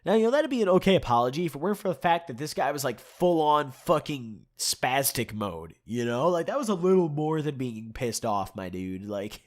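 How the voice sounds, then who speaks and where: A man's voice: medium pitch, sing-song, a little fast, few pauses. Young guy with a stuffy nose, rambling story, swears a lot, keeps chuckling. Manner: profane, rambling, chuckles often. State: stuffed-up nose and sore throat. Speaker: YouTuber telling a story. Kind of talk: casual storytime.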